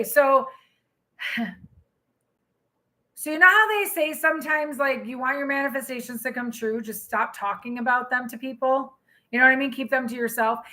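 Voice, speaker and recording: Woman tarot reader, high bright voice, excitable, talking straight to her viewers on a live stream. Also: poor audio. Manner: excitable, exclaiming and laughing.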